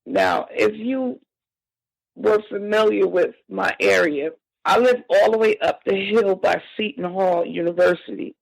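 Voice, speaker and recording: A woman telling a painful family story as a podcast guest, halting and emotional with frequent restarts. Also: mid-range voice, creaky, dry recording, rough recording. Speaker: victim's sister, interview guest. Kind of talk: personal account in a podcast interview.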